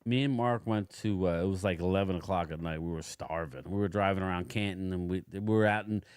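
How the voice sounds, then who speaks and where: A relaxed man hosts a casual livestream chat, rambling through one story after another. His voice sits low. The sound is dry and close, with no room echo. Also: fast, smooth. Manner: rambling, laid-back storytelling. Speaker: livestream host.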